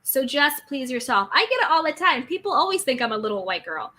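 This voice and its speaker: Bright-voiced woman co-host chatting. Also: sits high, fairly quick. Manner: animated, mimics others mockingly. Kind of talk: casual panel chat.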